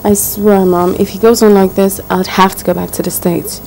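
A woman's voice: medium pitch, steady tone, moderate pace, darkish tone, a little hiss or hum, close to an everyday voice, low-quality recording. An actress playing a spoiled young woman who complains indignantly about her neglectful fiance. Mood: aggrieved. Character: spoiled, wounded young woman, a rich man's daughter. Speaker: jilted fiancee.

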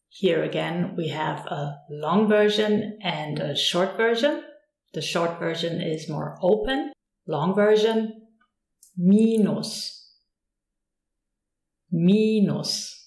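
A woman teaching a recorded lesson, calm and patient, saying example words slowly and repeating them. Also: lowish voice, gravelly, roomy sound. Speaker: language teacher.

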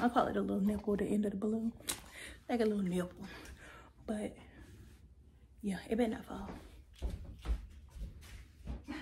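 A woman's voice: mid-range voice, vocal fry, mellow. A young woman vlogger chatting casually and playfully to her viewers while decorating at home, sometimes dropping to a whisper. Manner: playful, talks straight to viewers; drops to a whisper at times. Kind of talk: casual vlog chat. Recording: noisy home recording.

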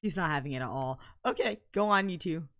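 A young woman commenting casually on her life-simulation game, playful and giggly, with sudden loud bursts of excitement. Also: low-pitched, a little fast, dry recording. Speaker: gameplay commentator. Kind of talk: casual let's-play commentary.

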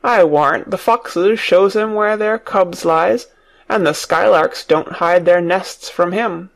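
Give me a man playing a gruff old gardener from a storybook, blunt rustic talk, gravelly and slow. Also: sits high, exaggerated voice. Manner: blunt rustic dialect, mumbling.

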